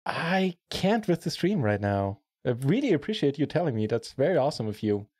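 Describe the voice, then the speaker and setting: A man's voice: mid-range voice, big pitch swings, a little fast, darkish tone. Polite male poker streamer, casual chat with viewers.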